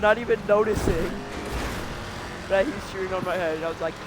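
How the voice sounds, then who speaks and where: A man's voice: sits high, fairly quick, over music, poor audio. A man co-hosting a podcast, telling a story in a rambling, casual way, full of fillers and bursts of laughter. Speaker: podcast co-host.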